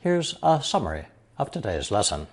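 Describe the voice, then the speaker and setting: Male teacher narrating a language lesson, husky voice with a lively, swooping pitch. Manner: reads example sentences slowly, then translates each into English. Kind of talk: recorded Chinese lesson narration.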